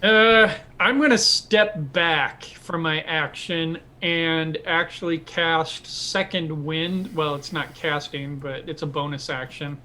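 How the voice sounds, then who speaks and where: A man playing a tabletop game, calmly explaining his moves. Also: a little high, slow pace, few pauses. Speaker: player.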